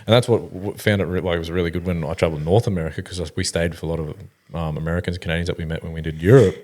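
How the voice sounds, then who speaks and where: An Australian man in his thirties talks fast and loose, swearing freely as he rambles through a story. His voice sits fairly low. It sounds like relaxed podcast banter between mates. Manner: rambling storyteller, heavy swearing, laid-back slang. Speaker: podcast co-host. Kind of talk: casual chat.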